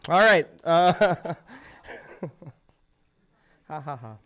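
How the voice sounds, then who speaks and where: A man hosting a live open mic, excitable and profane, hyping up the performers and the live stream. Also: medium pitch, normal speed. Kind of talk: live event emceeing. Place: live event at a community center.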